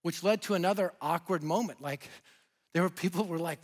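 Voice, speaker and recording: Preaching a sermon as a guest, this man from Denver, USA, in his fifties, tells stories with humor and energy in a high voice, talking a little fast. His delivery lurches abruptly between loud bursts and soft, tender moments.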